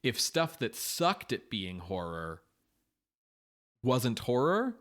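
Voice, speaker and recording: A man co-hosting a podcast in casual chat, animated and swearing, often acting out what people say. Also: medium pitch, slow. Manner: animated, swearing, acts out quotes. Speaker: podcast co-host.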